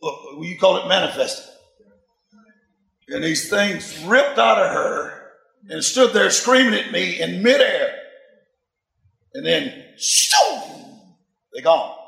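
A man in his sixties delivers a sermon as a story, animated and quick to laugh. His voice sits high and carries a gravelly edge. The sound rings in an echoey room. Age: 60s. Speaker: preacher.

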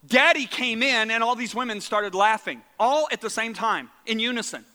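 A man preaching a sermon and telling a story, animated, often repeating words and dropping to a hushed voice. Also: very high voice, moderate pace, long reverb tail.

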